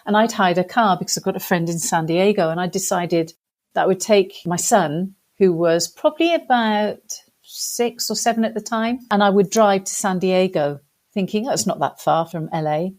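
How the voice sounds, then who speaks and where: An English woman, a podcast guest, telling stories in a casual, animated way, laughing often and poking fun at herself. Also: mid-range voice, moderate pace. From England. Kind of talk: casual storytelling.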